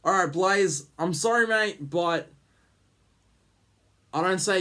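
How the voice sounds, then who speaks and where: A man's voice: fairly high pitch, animated, measured pace, long pauses, pushed and bright. A man hosting a casual vlog, rambling with lots of ums and jokey teasing. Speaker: YouTube host.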